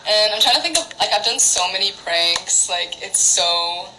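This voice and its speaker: A woman's voice: medium pitch, expressive, normal speed, sharp tone, soft background music, rough recording. A young woman from Canada chatting casually on a phone livestream at home, rambling through childhood stories with lots of giggles and fillers. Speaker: singer on an Instagram live.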